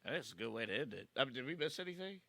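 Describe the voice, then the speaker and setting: A man co-hosting a podcast in casual chat, animated and jokey. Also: mid-range voice, rapid-fire, vocal fry, no room sound. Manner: animated, jokey, gets excited. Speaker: podcast co-host.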